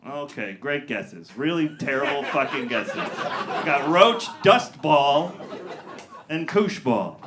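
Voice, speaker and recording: A man's voice: a little high, big pitch swings, takes it slowly, noisy background. A man performing a stand-up comedy set, telling a story with crowd work and acted-out voices in a comedy theater. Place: comedy theater with live audience.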